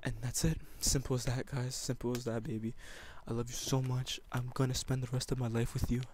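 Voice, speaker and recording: A man's voice: mid-range voice, level tone, fairly quick, a little mellow. A young man making an emotional, teary proposal over a gaming commentary, rambling and repeating himself. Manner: rambling and repetitive, often saying basically. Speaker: YouTuber.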